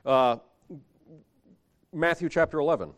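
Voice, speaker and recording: A man delivers a sermon in an animated way, his pitch swinging widely as he drives home each point. He reads scripture aloud and builds to stressed phrases before dropping back down. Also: unhurried. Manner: animated preaching with rising emphasis, reading scripture aloud. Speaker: preacher.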